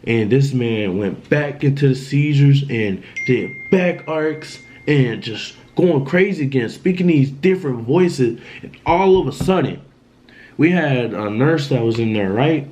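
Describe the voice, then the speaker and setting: A young man vlogging, retelling a frightening personal story in an animated, emphatic way with lots of slang. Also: mid-range voice, unhurried, muffled recording, a little hiss or hum. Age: young adult. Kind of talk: storytime vlog.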